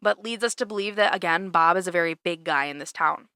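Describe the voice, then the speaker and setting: A young woman hosts a casual podcast chat, swearing freely and laughing often. Her voice is bright and clear. The sound is dry and close to the mic. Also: lowish voice, fast, no echo. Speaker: podcast host.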